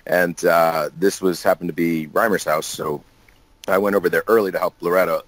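A man's voice: deep voice, steady tone, normal speed, no echo, low-quality recording. A man being interviewed as a guest actor, telling loose, jokey stories in casual chat with plenty of laughs and restarts.

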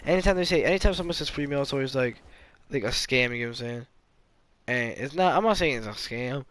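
A young man rambling through a story while commentating his gameplay, animated and full of trash talk. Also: mid-range voice, fast, no room sound. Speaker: gaming YouTuber.

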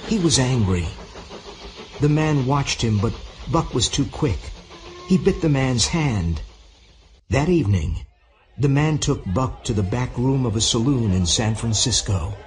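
Slow, deliberate male audiobook narrator. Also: mid-range voice, animated, a little hiss or hum. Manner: slow, clear, deliberate reading. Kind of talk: scripted audiobook narration for English learners.

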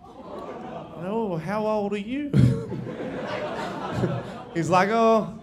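A man's voice: high-pitched, lively intonation, drawn-out words, long pauses, crowd noise, noisy background. A young man doing a stand-up comedy set, brash and swearing, laughing at his own jokes. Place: live comedy venue with audience.

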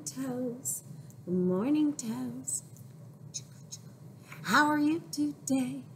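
A woman librarian leading a baby storytime, singing rhymes and reading a picture book in an exaggerated, playful voice with sudden high squeals. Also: slight background noise. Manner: slow, drawn-out and sing-song. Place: public library.

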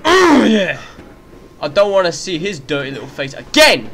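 A man doing excitable let's-play commentary, yelling and trash-talking the enemy as he plays. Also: sits high, slow pace, pauses often, a little hiss or hum. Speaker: gaming YouTuber. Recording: game music loud behind the voice.

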